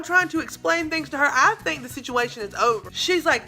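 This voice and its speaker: A young woman telling a dramatic story in a casual vlog, with lively asides to her viewers. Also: high voice, fast talker, few pauses. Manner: animated, dramatic retelling with asides. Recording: faint background music.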